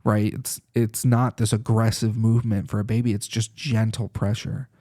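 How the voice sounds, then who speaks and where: A man who is a chiropractor, a guest on a podcast, telling lively stories in casual conversation and laughing often. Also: on the low side, normal speed. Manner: lively anecdotal storytelling with frequent laughs.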